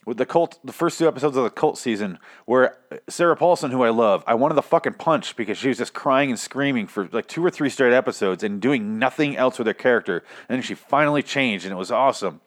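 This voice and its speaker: This TV recap podcaster is a young man whose mid-range voice is expressive and a little fast. Going over an episode in a loose, rambling way, he curses often, stumbles over words, and pokes fun at himself.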